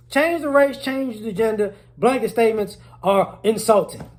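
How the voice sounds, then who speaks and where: A man's voice: extremely high pitch, expressive, moderate pace. A man delivering an indignant casual monologue, repeating words as he builds his point. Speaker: commentator.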